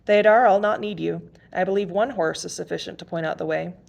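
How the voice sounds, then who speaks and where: A man's voice: high-pitched, fairly even intonation, fast talker, creaky. A woman reading aloud and voicing a teasing, amused hooded male rider in a cheerful, mocking tone.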